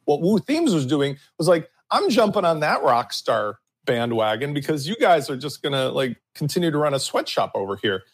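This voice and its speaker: A man's voice: on the high side, sing-song, normal speed, few pauses, husky. A man co-hosting a casual panel discussion, opinionated and emphatic, stretching out his key words. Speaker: podcast co-host.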